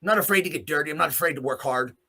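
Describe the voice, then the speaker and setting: A furious man from Alberta, Canada, hosts his own podcast from a small room, speaking into a podcast mic. His raspy, gravelly voice sits high and bright, and he talks very fast in a defiant, profane rant that swings between low grumbles and shouts.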